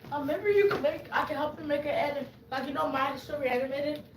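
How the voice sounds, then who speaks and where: A woman chatting casually with the host and making quiet, brief suggestions. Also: sits high, fast, reverberant, far from the mic, slight background noise, rough recording. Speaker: companion chiming in. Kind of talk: casual chat.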